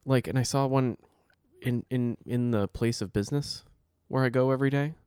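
A man's voice: medium pitch, moderate pace, darkish tone, clean tone, no room sound, clean studio sound. A man co-hosting a casual chat, animatedly acting out quotes from people he met on the street. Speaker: podcast co-host. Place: New York.

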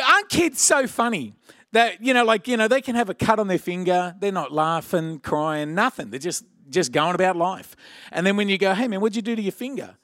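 A man preaching a sermon, telling a personal story in an animated way. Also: no echo. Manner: animated, acts out quotes with shouted high voices.

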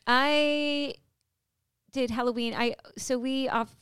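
A woman with a smooth, resonant voice chatting as a podcast co-host, easygoing and quick to agree. The sound is close and dry. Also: sits high, fairly even intonation, a bit bright, dry recording. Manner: chatty, laughs along, quick affirmations. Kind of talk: casual chat.

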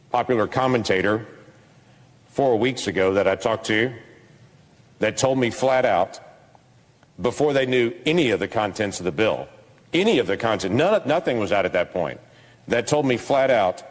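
Deliberate low-voiced man in a hall. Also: animated. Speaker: politician in a clip. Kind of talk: speech played as an audio clip.

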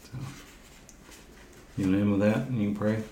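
A man hosting a faith podcast, talking in a plain, steady way. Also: lowish voice, brisk, roomy sound, slight background noise. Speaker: podcast host. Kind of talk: casual faith podcast talk.

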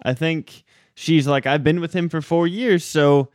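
Casting note: male podcast co-host, measured and explanatory, dry close sound. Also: a little high, no echo. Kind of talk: casual movie discussion.

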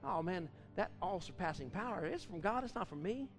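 A man preaching a sermon at a church service, fervent, swinging between loud outbursts and quiet storytelling. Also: high-pitched, expressive, a little fast, soft background music. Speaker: pastor.

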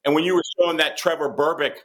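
A middle-aged man talks quickly as a guest comedian, spinning loose anecdotes. His voice has a bright, forceful edge. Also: a little high. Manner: fast, animated storyteller. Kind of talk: casual chat.

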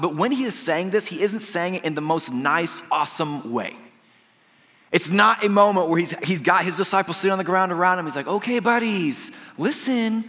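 A male pastor preaching a sermon, animated, with soft, emphatic pauses. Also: a little high, big-room sound.

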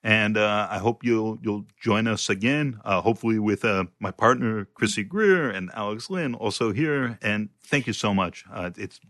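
A man hosting a podcast in a casual, friendly way, slightly halting and using fillers. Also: fairly low pitch, a bit bright, no room sound, clean studio sound. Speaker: podcast host.

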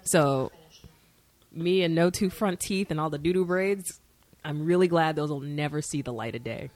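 A woman's voice: sits low, moderate pace, a little mellow, no room sound. A woman co-hosting a casual podcast from her couch, emphatic and opinionated. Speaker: podcast co-host. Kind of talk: casual chat watching a show. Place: home couch.

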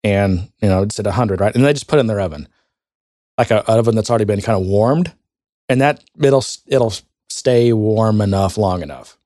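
A man co-hosting a casual podcast, thinking out loud with lots of fillers and restarts. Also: fairly low pitch, fairly quick, no room sound, studio quality. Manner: thinks aloud, rambling with many fillers. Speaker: podcast co-host. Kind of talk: casual tech podcast chat.

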